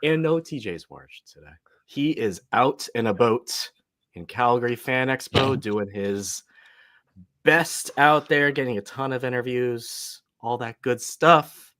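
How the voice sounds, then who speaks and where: A man's voice: medium pitch, animated, a little slow, a bit bright, no echo, studio quality. A man hosting a casual podcast chat, upbeat and jokey, laughing often. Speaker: host.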